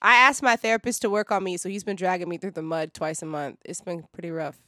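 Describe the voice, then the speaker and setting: A woman's voice: fairly low pitch, steady tone, quick pace, sharp tone, no room sound, studio quality. A woman co-hosting a podcast in casual chat, rambling, laughing often and slipping into mock outrage. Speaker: podcast co-host.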